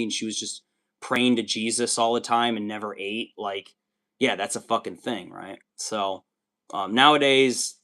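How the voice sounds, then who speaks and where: A man's voice: fairly low pitch, fairly bright tone. A man hosting a livestream, chatting casually with viewers while building miniatures, rambling and swearing often. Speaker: livestream host.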